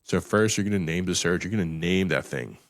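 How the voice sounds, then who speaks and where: Deep-voiced, blunt, swearing man. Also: a little fast, dry recording. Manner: profane, emphatic, repeats words when restarting. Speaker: podcast host. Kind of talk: blunt motivational podcast talk.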